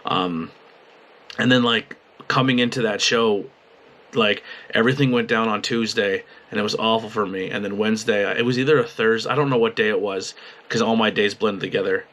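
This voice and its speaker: A young man talking in a personal video journal, halting and emotional, swearing freely as he rambles about his weekend. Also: lowish voice, fairly even intonation, a bit bright. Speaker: podcast host and wrestling commentator. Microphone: webcam at a desk.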